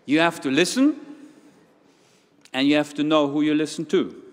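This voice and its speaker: A man's voice: a little high, moderate pace. A man leading an interactive children's sermon in a church, playful and full of questions to his young listeners. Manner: playful, questioning the audience, walking around while talking. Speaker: preacher leading a children's talk. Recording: long hall reverb.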